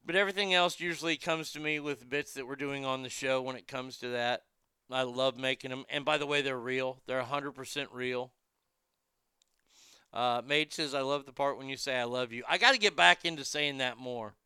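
A man in his fifties hosting a show, chatting casually and bluntly, telling animated stories and acting out callers' voices. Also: mid-range voice, moderate pace, clear, resonant tone, no echo, clean studio sound. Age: 50s. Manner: blunt and profane. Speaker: show host. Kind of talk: casual chat reading viewer comments.

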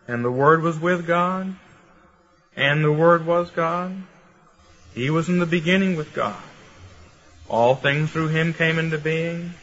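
A man's voice: a little high, a bit bright. A man giving a lecture to a class, reading scripture aloud in a rhythmic, flowing cadence with conversational asides. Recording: dull lo-fi recording.

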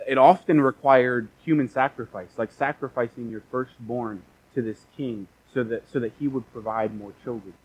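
A man preaching a sermon, telling a scripture story in casual modern words with lively restarts, and reading passages aloud. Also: mid-range voice, moderate pace, few pauses, breathy edge, low-quality recording. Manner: reads scripture aloud in old-fashioned wording.

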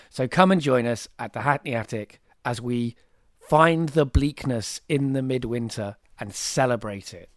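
A man's voice: medium pitch, no echo. Dry-sounding man introducing acts. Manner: scripted, promotional introductions. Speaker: comedy night host. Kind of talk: stage announcement. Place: comedy club stage.

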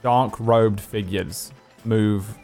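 A man narrating as game master of a tabletop game in a calm, measured way. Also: lowish voice, gravelly, faint music behind.

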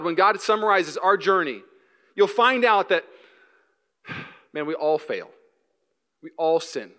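Bright, animated man preaching in a hall. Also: a little high. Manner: animated storytelling, acting out both sides of conversations. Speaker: pastor. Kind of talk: sermon. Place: church hall. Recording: reverberant hall.

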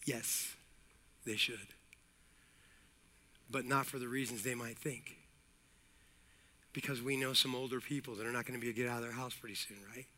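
A middle-aged man preaching a sermon as pastor, energetic and repetitive, with jokey asides and calls of amen. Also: medium pitch, normal speed, long pauses.

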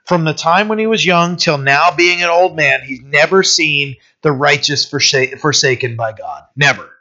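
Bright-voiced pastor preaching casually. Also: male voice, a little high, moderate pace. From United States. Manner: informal storytelling sermon, loose and personal. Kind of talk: conversational sermon. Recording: dull lo-fi recording.

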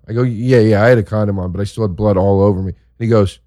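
A man who is a comedian hosting a show, telling a crude story in a casual monologue that swings into excited exaggeration. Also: fairly low pitch, fast talker, few pauses, dry recording, clean studio sound.

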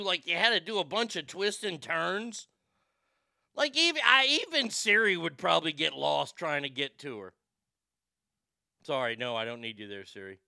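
A man with a high, bright voice rants through a casual live-stream show, swearing freely and reading viewer comments aloud. His tone is crisp and carries a gravelly edge. He is recorded on a close mic in a dry room. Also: dry recording. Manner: profane, ranting, reads chat comments aloud. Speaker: talk show host.

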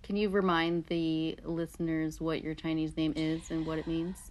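A woman's voice: deep voice, level tone, moderate pace, a little hiss or hum. A woman hosting a casual podcast chat, teasing her guest with jokey interjections. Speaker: podcast host.

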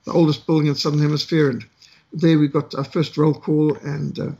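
A middle-aged South African man telling a story from his past, unhurried and pausing often with "uh". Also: a little high, level tone, vocal fry, a little mellow, slightly rough, highs cut off. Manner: unhurried with frequent "uh" pauses. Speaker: ministry speaker. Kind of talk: storytelling testimony.

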